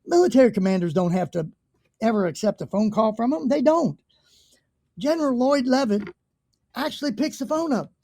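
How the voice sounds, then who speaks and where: An American man in his sixties, a guest telling stories in a lively way, swearing casually and acting out the people in them. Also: extremely high pitch, normal speed, long pauses, no room sound, clean studio sound. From United States. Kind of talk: conversational storytelling.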